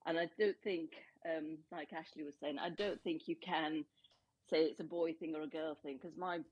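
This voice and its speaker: Low, husky woman in her forties. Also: a little mellow, no room sound, lo-fi sound. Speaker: caller. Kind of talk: casual chat.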